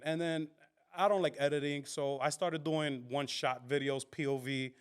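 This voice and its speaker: A man on a podcast as a guest, telling his story in a casual, animated and profane way. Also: a little high, moderate pace, smooth. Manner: animated, profane, full of fillers and quoted dialogue. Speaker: podcast guest, content creator.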